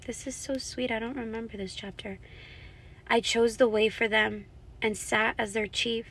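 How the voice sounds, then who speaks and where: Husky, gravelly bright-voiced woman reading scripture. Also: a little high, steady tone, moderate pace. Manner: earnest, heartfelt, openly emotional. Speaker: vlogger reading and reflecting on scripture. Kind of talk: scripture reading with personal commentary. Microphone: self-recorded on camera.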